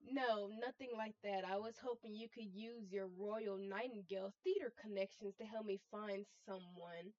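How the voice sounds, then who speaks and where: A woman voicing a reserved male detective from a game story, reading his lines calmly and plainly. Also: mid-range voice, normal speed, hardly any pauses, no echo, lightly acted. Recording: dull lo-fi sound.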